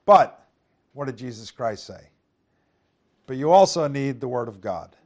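A man in the middle of a Bible teaching, his voice sitting at an ordinary middle pitch. He reads old-fashioned scripture verses aloud and then explains them plainly. He keeps checking in with his listeners through rhetorical tag questions and stumbles into easy restarts. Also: animated, a little slow, a little mellow. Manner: reads scripture aloud in King James wording; conversational with frequent restarts. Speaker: preacher.

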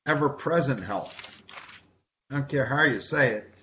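A man with a sharp-toned, medium-pitched voice runs an informal Bible study at a moderate pace. He talks conversationally, repeats words, and asks the group questions, all on a dull lo-fi recording carrying a faint hiss.

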